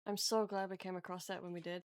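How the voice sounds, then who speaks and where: A woman player in a tabletop campaign, chatting and recapping the last session in an unhurried way, searching for words with ums and breaking into giggles. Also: lowish voice, little pitch movement, a little mellow, dry recording. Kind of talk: casual chat and session recap.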